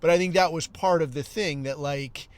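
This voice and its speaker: A man's voice: a little high, normal speed, a little hiss or hum. Host, forties, man, swears constantly, rambling and wry. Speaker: podcast host. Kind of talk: casual storytelling monologue.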